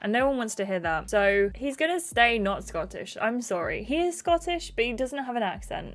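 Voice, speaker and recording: A woman gaming YouTuber talking her viewers through a story game, pitched a little high. She chats freely and drops dry, wry jokes between the scenes. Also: very animated, normal speed, few pauses. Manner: chatty, wry asides. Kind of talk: let's play commentary, reading game text aloud.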